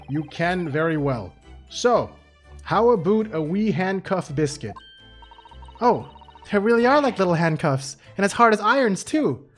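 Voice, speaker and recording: A man reading a defensive older male prison governor aloud from a game, in a halting put-on Scottish dialect. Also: sits high, full character voice.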